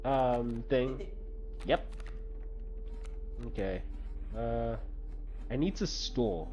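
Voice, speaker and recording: A man streaming a card game, thinking aloud and reacting quickly in casual commentary. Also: mid-range voice, animated, creaky, darkish tone. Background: game music.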